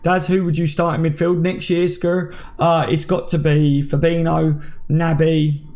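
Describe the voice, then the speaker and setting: A man in his thirties with a slightly high, gravelly voice, hosting a casual live stream. He chats with viewers like mates, calling them by name as he reads their comments. His talk is loose and friendly. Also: little pitch movement, unhurried, a little mellow. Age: 30s. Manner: chatty, banters with viewers by name. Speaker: livestream host.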